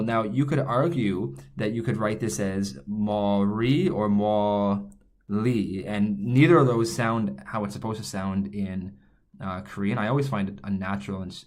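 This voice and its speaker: Guy with a lowish voice walking you through an online lesson, explains as he writes, easygoing. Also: a little mellow. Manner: explains step by step, thinks aloud while writing. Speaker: language teacher. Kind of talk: recorded online lesson, writing on screen.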